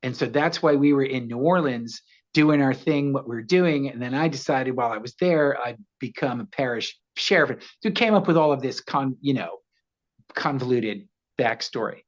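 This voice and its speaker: Lively man in his sixties, lo-fi. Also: mid-range voice, normal speed. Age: 60s. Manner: animated, laughs often, acts out quoted voices. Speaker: actor guest. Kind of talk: casual interview storytelling. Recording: muffled lo-fi audio.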